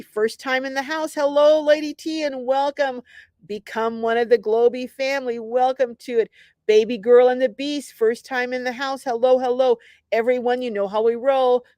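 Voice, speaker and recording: A woman's voice: on the high side, darkish tone, dry recording. Middle-aged lady running a livestream, chatty and upbeat, lots of ums, dry mic. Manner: chatty, upbeat, lots of ums, reads viewer comments aloud. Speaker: livestream host. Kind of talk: casual livestream chat reading comments.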